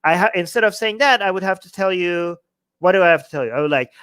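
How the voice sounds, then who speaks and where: A man hosting a livestream, talking in a casual, animated, rambling way, swearing freely and firing off rhetorical questions. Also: high voice, fast, smooth. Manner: heavy use of rhetorical questions. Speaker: livestream host.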